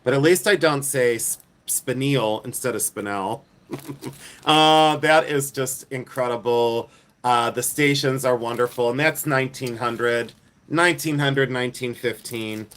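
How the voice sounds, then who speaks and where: A man's voice: medium pitch, fairly even intonation, unhurried, fairly bright tone. A middle-aged American man hosting a casual live stream, chatting and joking with viewers in a self-deprecating way. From United States. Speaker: livestream host, jewelry reseller. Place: outdoors at night.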